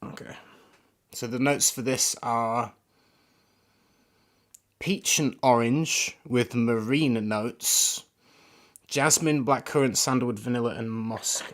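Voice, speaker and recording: This fragrance reviewer speaks slowly in a mid-range, fairly bright voice, leaving long pauses. On a live stream he shares casual, rambling first impressions, often searching for how to put things.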